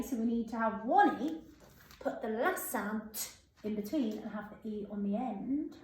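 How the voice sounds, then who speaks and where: A woman teaching a phonics and writing lesson to young children, drawing out words slowly in a sing-song way. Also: a little high, roomy sound, rough recording. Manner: slow, sing-song, drawn-out words for dictation. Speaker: primary school teacher.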